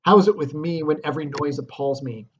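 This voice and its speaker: A man's voice: fairly high pitch, fast, highs cut off, a little hiss or hum, lightly acted. A man reading aloud as a guilt-ridden nobleman, voice raised in anguish. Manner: loud, anguished theatrical reading.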